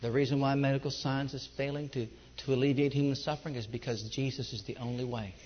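A middle-aged man preaching a sermon, telling his own testimony with passion, moving between loud, high outbursts and low, hushed stretches. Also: fairly even intonation, fast talker. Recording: dull echoey hall recording.

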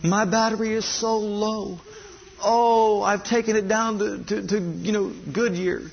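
A preacher doing a whiny, worn-out churchgoer who pleads for help, his voice pitched high above his own and breathy at the edges. He moans his complaints in a dull lo-fi recording. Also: fairly even intonation, measured pace, exaggerated voice. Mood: whiny pleading. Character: whiny, spiritually weak male churchgoer.

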